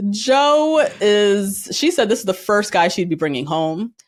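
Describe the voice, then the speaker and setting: A woman's voice: medium pitch, takes it slowly. A woman hosting a podcast, chatting casually about a reality show, laughing often and acting out what people said. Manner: animated, laughs often, acts out quotes. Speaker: podcast host. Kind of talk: casual recap chat.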